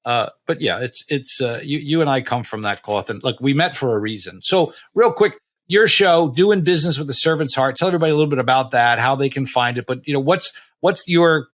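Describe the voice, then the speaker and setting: A man in his late fifties hosting a podcast, telling stories in a rambling, animated way with many restarts and blunt, salty language. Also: mid-range voice, a little fast, few pauses. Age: late 50s. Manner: blunt, a bit profane. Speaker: podcast host. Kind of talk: casual interview chat.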